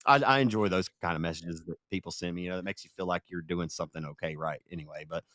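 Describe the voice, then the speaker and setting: Young male podcast host, animated storyteller, drifts off topic. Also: low voice, quick pace, dry recording, clean studio sound. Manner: rambling, animated, gets sidetracked. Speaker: podcast host and race announcer. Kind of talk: casual podcast chat.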